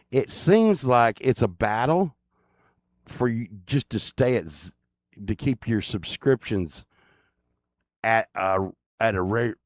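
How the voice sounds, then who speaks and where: A man's voice: fairly low pitch, darkish tone, dry recording, clean studio sound. A man hosting his own channel, talking casually to viewers in a rambling, crude, joking way. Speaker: channel host.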